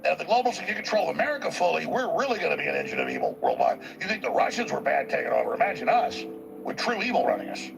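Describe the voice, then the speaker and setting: Gravelly high-voiced man ranting emphatically. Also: wildly swooping pitch, fast, over music. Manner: emphatic, rambling, repeats words when pushing a point. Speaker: talk show host. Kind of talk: political monologue.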